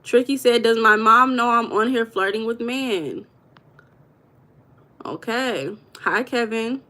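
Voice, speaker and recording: A woman's voice: a little high, takes it slowly, sharp tone. A woman hosting a live stream, chatting casually and reading viewers' comments aloud with an affectionate manner. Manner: affectionate, calls viewers baby.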